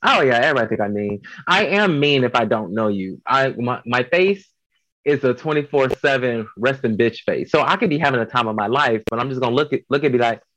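A man's voice: medium pitch, expressive, a little fast, fairly bright tone, dry recording, rough recording. Blunt joking man in dry close sound. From Chicago. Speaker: drag performer guest. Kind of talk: casual interview chat.

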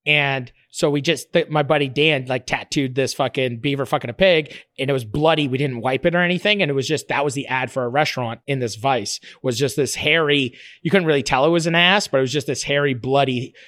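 Talking fairly quickly with few pauses, a cooking show creator in a casual interview has a medium-pitched voice. He's lively and profane, rambling through stories with frequent restarts and bursts of laughter, in a dry recording.

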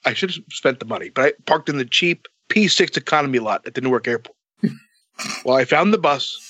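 A man telling a long story in a casual, animated way, swearing a lot and acting out both sides of the dialogue. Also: mid-range voice, slightly rough, no room sound.

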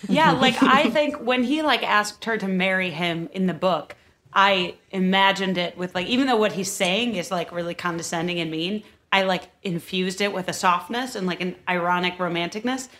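A woman's voice: medium pitch, moderate pace, a bit bright. Woman musing casually on a podcast. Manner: thoughtful, hedging, uses "like" often. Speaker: podcast co-host. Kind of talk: casual book-club chat.

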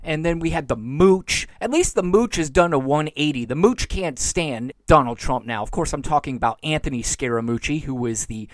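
A man's voice: a little high, expressive, normal speed, few pauses, no echo, clean studio sound. A man hosting his own show, giving exasperated, sarcastic commentary and mocking the people he talks about. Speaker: podcast host. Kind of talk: opinionated solo commentary.

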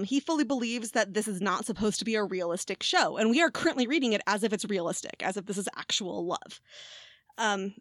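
Swearing, animated woman co-host. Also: a little high, no room sound, clean studio sound. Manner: candid, swears freely, animated. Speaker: podcast co-host, former teacher. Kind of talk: casual chat.

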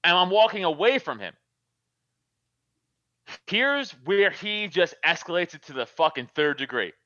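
A man's voice: sits high, very animated, measured pace, bright, forceful tone, no echo, muffled recording. A man telling a profane, laughing story in casual chat.

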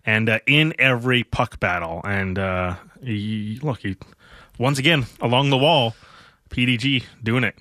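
Joking guy co-hosting a sports podcast, bright forceful voice, dry sound. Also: mid-range voice, a little slow, no echo. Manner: casual, joking, lively riffs. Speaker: podcast co-host.

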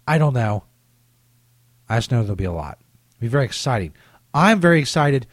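Male solo podcast host, brash and profane, mid-pitch, close dry mic, music under. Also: darkish tone, no echo. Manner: cocky, profane, boastful bits. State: coming down with a cold. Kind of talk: comedic solo podcast rant.

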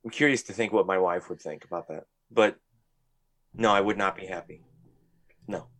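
A man co-hosting a podcast, talking bluntly and casually, swearing freely and thinking out loud. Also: low-pitched, moderate pace. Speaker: podcast co-host. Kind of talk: casual chat.

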